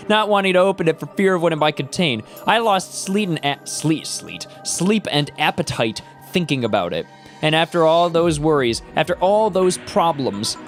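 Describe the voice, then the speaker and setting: A bitter, guilt-ridden bartender woman, voiced by a man reading her lines aloud from a game. The voice sits a little high, brooding and hard on herself, with soft game music playing underneath. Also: lightly acted.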